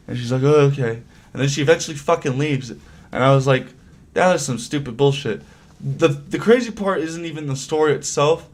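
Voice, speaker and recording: A man's voice: medium pitch, fairly quick. A young man telling a rambling work story on a livestream, full of swearing and filler words. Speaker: streamer.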